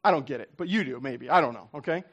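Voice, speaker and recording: A man preaching a sermon as a pastor, in a lively, conversational way that acts out what people say. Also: medium pitch, fast, breathy edge.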